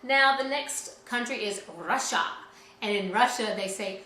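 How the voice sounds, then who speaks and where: Upbeat woman teacher leading kids' music class, highish bright voice, roomy echo. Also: unhurried. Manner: cheerful, encouraging, speaks to children directly. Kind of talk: children's music lesson.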